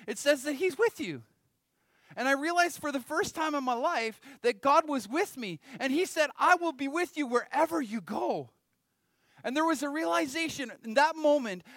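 Middle-aged male pastor, strikingly high pitch, conversational sermon delivery, dry close sound. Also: fairly bright tone, no room sound. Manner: conversational preaching, rhetorical questions to the audience.

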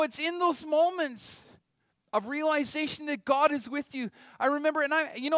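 Middle-aged male pastor, strikingly high pitch, conversational sermon delivery, dry close sound. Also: fairly bright tone, dry recording. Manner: conversational preaching, rhetorical questions to the audience.

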